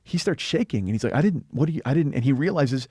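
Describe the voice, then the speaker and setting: A man co-hosting a casual film podcast, fast and animated, acting out lines and swearing freely. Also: medium pitch, slightly rough, dry recording, studio quality. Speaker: podcast host. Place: podcast studio. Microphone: studio mic.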